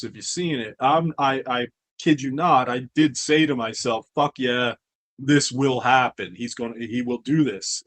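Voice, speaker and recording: A man's voice: medium pitch, fairly bright tone. A middle-aged man, a comics publisher, chatting casually as an interview guest, telling a long story with many restarts and asides.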